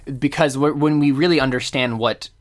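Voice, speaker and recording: A man's voice: mid-range voice, brisk. A young man co-hosting a podcast, chatting casually and explaining faith topics thoughtfully, with easy laughs. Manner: thoughtful, explains scripture calmly, laughs easily. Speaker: podcast co-host. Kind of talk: casual chat.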